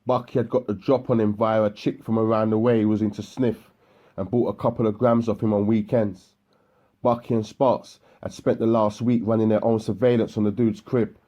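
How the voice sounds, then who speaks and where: A man reading an audiobook in a steady, matter-of-fact narration. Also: on the low side, highs cut off. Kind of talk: scripted narration. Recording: electronic music bed underneath.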